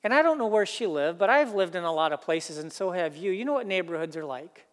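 A pastor preaching a sermon, earnest, building emphasis through repeated phrases. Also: male voice, sits high, animated, fast, fairly bright tone, big-room sound.

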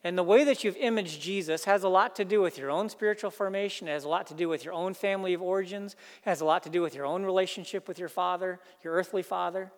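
A pastor preaching a sermon, earnest, building emphasis through repeated phrases. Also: male voice, high-pitched, fast, few pauses, in a large hall.

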